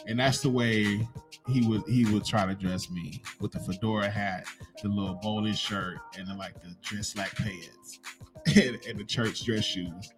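A man's voice: on the low side, steady tone, a little slow. A man co-hosting a casual chat, joking loosely with lots of "like" and easy restarts. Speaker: podcast co-host. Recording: music playing clearly behind.

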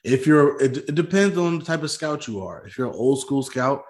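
A man's voice: mid-range voice, lively intonation, moderate pace. Man, podcast co-host, casual sports talk, argumentative, echoey room. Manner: argumentative, explains at length.

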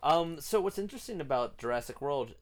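A man's voice: a little high, expressive, a little fast. A man co-hosting a podcast in casual chat, correcting and explaining things. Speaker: podcast co-host.

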